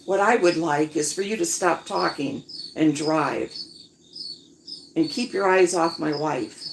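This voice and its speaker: A woman voicing a rude, curt rich man who barks orders in a slow, clipped way. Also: low-pitched, gravelly, reverberant, a little hiss or hum.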